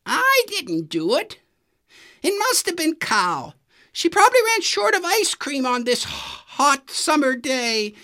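A man doing a high, fibbing donkey. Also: wildly swooping pitch, slow pace, sharp tone, full character voice. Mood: nervous fibbing. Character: guilty fibbing male donkey.

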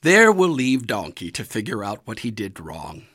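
A man reading a children's story aloud in an expressive storytelling manner. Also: fairly low pitch, moderate pace. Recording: soft music underneath. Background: faint music.

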